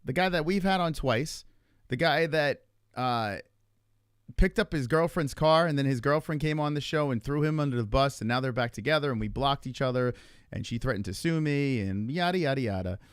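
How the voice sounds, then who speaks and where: A man's voice: medium pitch, brisk, clear, resonant tone, dry recording, studio quality. A male podcast host telling stories in a casual, rambling way and swearing freely. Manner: animated, swears freely, loose rambling retelling. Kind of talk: casual storytelling chat.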